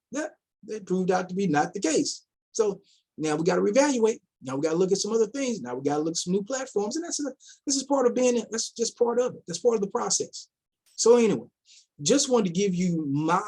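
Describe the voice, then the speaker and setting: A man's voice: high-pitched, darkish tone, husky. A man giving casual commentary as an investment vlogger, firing off rhetorical questions, repeating himself and mocking imagined investors in quoted voices.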